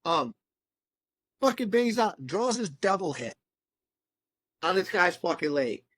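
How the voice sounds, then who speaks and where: A man who works as a tattoo artist, telling animated, profane stories in a casual conversation over a remote call. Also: high-pitched, slow, no echo. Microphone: remote call mic.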